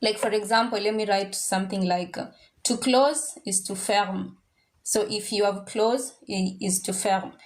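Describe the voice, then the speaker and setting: Woman, slow and deliberate, teaching French in a classroom and drilling words over and over. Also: mid-range voice. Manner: drills pronunciations by repeating words slowly. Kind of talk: classroom language lesson. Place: classroom with students.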